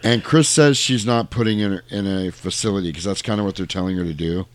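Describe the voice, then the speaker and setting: A deep-voiced man speaks a little fast as a podcast co-host, casually recapping a film. He performs the characters' lines as he goes through the story.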